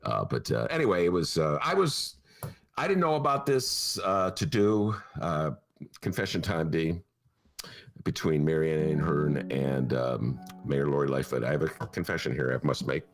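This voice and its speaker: A man's voice: very deep voice, expressive, moderate pace. A man hosting a podcast in casual chat, rambling through tangents with a self-mocking storyteller's manner. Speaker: podcast host.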